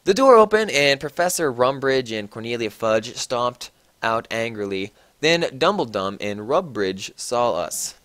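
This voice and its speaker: A man's voice: medium pitch, animated, a little slow, a bit bright, no room sound. A man giving a mocking, exaggerated comedic reading of fan fiction, swearing freely. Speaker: reader.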